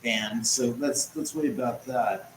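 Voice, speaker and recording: A man with a medium-pitched voice speaks a little slowly while hosting a casual livestream chat from home, rambling, sarcastic and swearing often. The audio is poor, reverberant and has a little hiss or hum.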